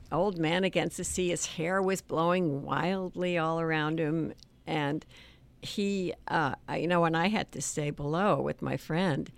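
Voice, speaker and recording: An older woman telling family stories in an interview, hesitant and soft-spoken. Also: low-pitched, creaky. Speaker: author and guest. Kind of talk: storytelling interview.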